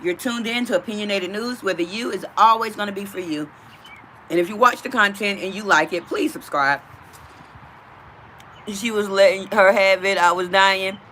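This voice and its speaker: A woman's voice: medium pitch, moderate pace, pushed and bright, a little hiss or hum. A woman hosting a casual livestream from outdoors, chatting directly with her viewers. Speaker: livestream host.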